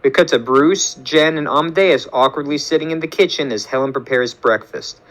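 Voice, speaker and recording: A man's voice: fairly high pitch, moderate pace, a bit bright. A man narrating a story script, reading scene directions in a plain storytelling way.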